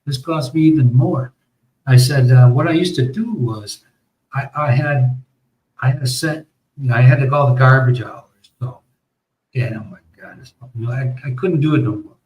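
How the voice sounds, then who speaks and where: An American podcast host with a medium-pitched voice tells a long, rambling story at a moderate pace in casual chat. He swears often and keeps restarting sentences amid fillers, and the recording has its highs cut off.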